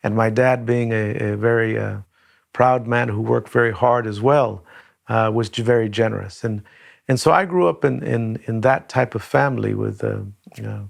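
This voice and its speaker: Gravelly reflective man telling his story. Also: lowish voice, steady tone. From Southern California. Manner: unhurried, reflective, many fillers and restarts. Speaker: conference speaker. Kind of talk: personal storytelling talk.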